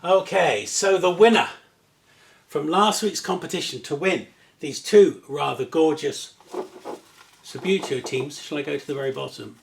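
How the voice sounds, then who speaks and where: Here the host's voice sits a little high, with creak and lots of expression, and he takes his time. Recorded on a camera on a tripod in an echoey room at home with some background noise, he chats enthusiastically and self-deprecatingly through his table football show.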